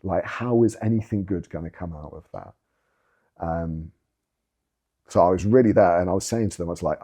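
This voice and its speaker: In an interview, a man with a low, husky, dark and mellow voice gives candid personal testimony, earnest and emphatic, swearing to drive points home. He talks at a normal speed with long pauses.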